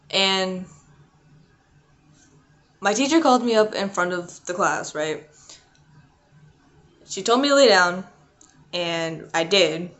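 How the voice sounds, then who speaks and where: A young adult woman vlogging a casual storytime, rambling and chatty with lots of "like" and "um". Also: mid-range voice. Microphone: not her usual mic.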